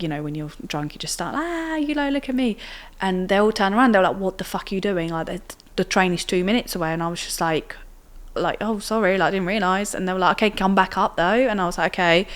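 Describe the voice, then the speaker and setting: A young woman tells her own story to an interviewer. Her voice sits on the low side, and she talks in a loose, chatty way, full of fillers and tag questions. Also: a bit bright. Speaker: guest telling her story. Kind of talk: casual personal storytelling.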